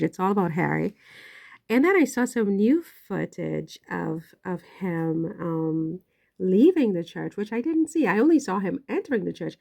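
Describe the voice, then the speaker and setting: A woman's voice: on the low side, gravelly. A woman giving casual, emotional vlog commentary on royal news, chatty and prone to swearing.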